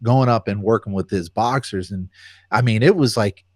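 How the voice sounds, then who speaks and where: A man on a podcast, a former fighter telling his story in a casual, animated way and acting out the voices of people he quotes. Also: on the low side, normal speed, no room sound, studio quality.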